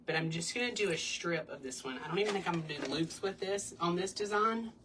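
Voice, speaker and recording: A woman's voice: lowish voice, expressive, fast, fairly bright tone, distant mic, a little hiss or hum. A woman hosting a casual wreath-making tutorial in her home craft room, chatty and bubbly. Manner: chatty, bubbly, breaks into little sing-song bits. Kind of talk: casual crafting demo chat.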